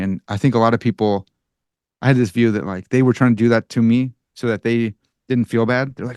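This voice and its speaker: A man's voice: mid-range voice, steady tone, a little fast, darkish tone, smooth, dry recording, clean studio sound. A young man, a philosopher and writer, telling his story as a podcast guest in a casual, self-deprecating way, with fillers and restarts.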